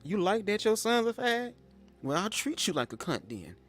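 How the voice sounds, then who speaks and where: Man doing a furious Italian-accented father, snarling and fast, faint music under it. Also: sits high, huge pitch swings, a bit bright, pitched above the performer's own voice, full character voice. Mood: enraged. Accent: Italian, put on. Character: violent old-fashioned Sicilian father, furious.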